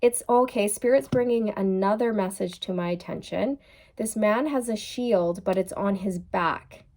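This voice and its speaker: A woman's voice: medium pitch, unhurried, darkish tone. A woman giving a tarot reading in a loose, chatty way, repeating phrases and laughing at her own slips. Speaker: tarot reader. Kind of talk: tarot card reading monologue.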